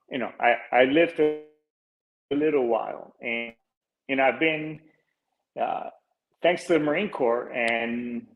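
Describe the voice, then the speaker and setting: Here a man in his forties, born in Colombia, hosts a podcast with a medium-pitched voice. He's earnest and loose, wandering through his points with fillers, false starts and casual curses. The sound is lo-fi.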